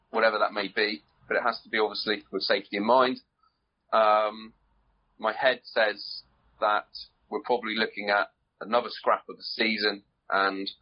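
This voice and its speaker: A man talks as a podcast guest about running his club, measured and hesitant with frequent ums. The audio is dull and lo-fi. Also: lowish voice, flat delivery. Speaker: guest, football club manager. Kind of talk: casual interview. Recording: dull lo-fi sound.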